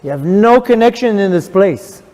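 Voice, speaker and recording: A man's voice: high voice, lively intonation, normal speed, darkish tone, big-room sound. A man voicing stern heavenly voices that firmly send a soul away.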